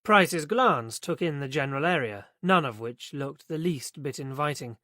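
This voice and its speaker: A man reading a crime thriller audiobook as narrator, steady and even. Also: mid-range voice, normal speed, hardly any pauses, no echo, clean studio sound. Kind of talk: scripted narration.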